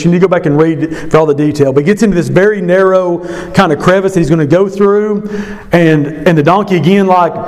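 A man's voice: sits high, darkish tone. A man retelling a scripture story to an evening Bible study, conversational and emphatic. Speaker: Bible teacher.

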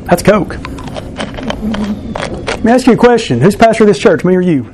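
A man's voice: high voice, animated, moderate pace, background noise. A man in his thirties, a pastor preaching in a church, teasing and bantering with his congregation during an object lesson. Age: 30s.

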